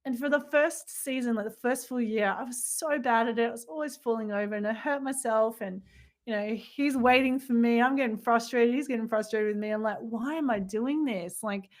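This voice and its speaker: A woman's voice: a little high, fairly even intonation, a little fast. Rambling reflective woman podcaster. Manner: rambling, reflective, many fillers and restarts. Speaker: podcast co-host. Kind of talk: casual spiritual chat.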